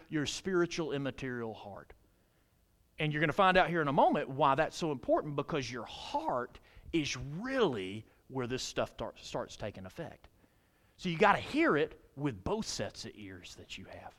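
High, lively-voiced male preacher. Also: moderate pace. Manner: animated preaching, rising to emphatic peaks and dropping low; addresses the congregation with questions. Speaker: pastor. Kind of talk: sermon. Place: church.

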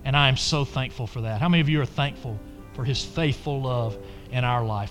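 A male pastor preaching a sermon, emphatic, swinging between loud exhortation and quiet asides. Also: medium pitch, a little fast, faint music behind. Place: church sanctuary. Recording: long reverb of a large church hall.

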